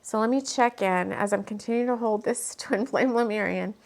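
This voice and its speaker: A woman reads tarot and relays channeled messages to her camera at home. Her voice sits a little high with a gravelly fry running through it. She talks in an earnest, wandering way that easily turns emotional. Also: moderate pace, a little mellow. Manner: earnest, meandering, gets emotional. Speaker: spiritual channel and tarot reader. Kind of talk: casual spiritual video talk. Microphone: camera mic.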